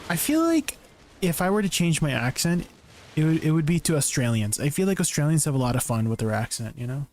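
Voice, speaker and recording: A man's voice: a little high, sing-song, fairly quick, darkish tone, a little hiss or hum. Chatty laughing man streamer. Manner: chatty, laughs often, answers chat questions. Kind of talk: casual live-stream chat with viewers.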